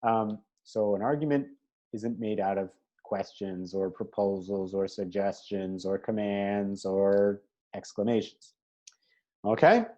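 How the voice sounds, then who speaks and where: A man's voice: fairly low pitch, takes it slowly, warm tone, muffled recording. A man giving an informal lecture as a teacher. He is chatty, corrects himself often and keeps checking in with "right?" and "okay?". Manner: self-correcting, with fillers and restarts.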